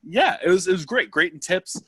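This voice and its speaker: A man's voice: high-pitched, lively intonation, fairly quick, slightly rough, no room sound. A young man co-hosting a casual podcast from a basement, rambling and emotional with a joking streak. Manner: rambling, emotional, jokey storytelling. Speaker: podcast co-host.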